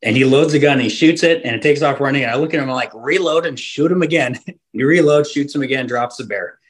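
A man's voice: medium pitch, fast. Man rambling through a hunting story. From Alaska. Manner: rambling, laughing, many fillers and restarts. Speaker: hunting guide and podcast guest. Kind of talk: casual storytelling.

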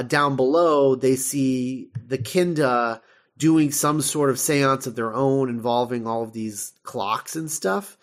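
This man's voice sits in the mid range with a fairly bright tone. As a podcast co-host, he goes over an episode in a relaxed, talkative way, laughing frequently and filling his retelling with fillers.

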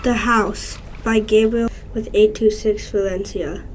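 A woman reading a short story aloud in a slow, even way. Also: mid-range voice, a little hiss or hum, rough recording. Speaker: story reader.

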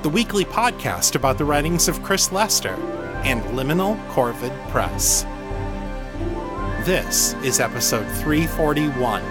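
A man hosting a fiction podcast, giving a scripted introduction in an upbeat, announcing tone. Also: on the high side. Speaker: podcast host. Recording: intro music playing behind.

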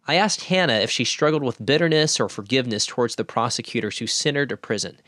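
A man hosting a podcast, reading scripted narration between interview clips in a measured tone. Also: mid-range voice, lively intonation, bright, forceful tone. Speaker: podcast host.

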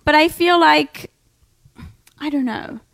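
A young woman co-hosting a casual podcast, sassy and animated, often laughing and breaking into shrill outbursts. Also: slow pace, gravelly. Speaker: podcast co-host. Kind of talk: casual chat, reading a post aloud.

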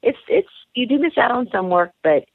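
A woman's voice: on the high side, sing-song, fairly quick, gravelly, slightly rough, no echo. A woman being interviewed about her writing and career, talking candidly and rambling with many restarts and fillers. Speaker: actress and author being interviewed. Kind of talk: candid radio interview answers. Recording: phone-like narrow band, dry.

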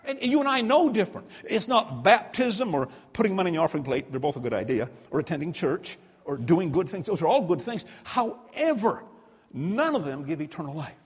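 A man's voice: high-pitched, big pitch swings, brisk, husky. A man preaching a sermon, telling stories, reading scripture aloud and asking his listeners questions. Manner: storytelling, asks the listeners questions; reads scripture aloud, drops to a hush for prayer. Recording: long hall reverb.

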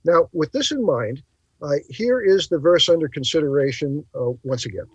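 Husky teacherly man, lively pitch. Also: no echo, poor audio. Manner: teacherly, pausing to stress points. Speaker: podcast host. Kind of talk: explanatory bible talk.

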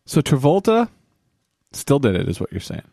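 A man's voice: medium pitch, wildly swooping pitch, moderate pace, gravelly, mellow, no echo, clean studio sound. A middle-aged man co-hosting a podcast, chatting crudely and casually with lots of ums and swearing. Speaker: podcast co-host.

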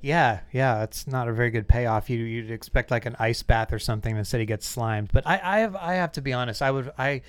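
A man's voice: medium pitch, a little fast, hardly any pauses, clear, resonant tone, no echo. A middle-aged man hosting a podcast, chatting casually and telling stories with quoted asides. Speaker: podcast host. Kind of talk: casual chat.

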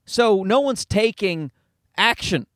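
A man in his thirties hosts a casual comedy podcast, ranting with plenty of swearing and bursts of mock voices. His voice sits high and leaps around a lot. The sound is dry and close, as from a small home studio. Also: slow pace, no echo. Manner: animated, profane, ranting with acted-out voices.

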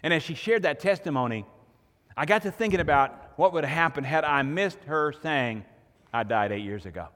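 A man's voice: fairly high pitch, moderate pace, a bit bright, big-room sound. A pastor giving a sermon to his congregation in a church, preaching earnestly and building to emphatic points. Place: church sanctuary.

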